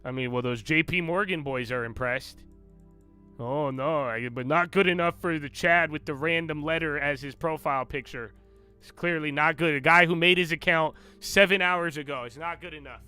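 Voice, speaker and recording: In this casual livestream chat, a young male host boasts, swears and jokes loosely with viewers of his trading stream. His fairly high voice is sharp yet smooth at a normal speed, with faint music underneath.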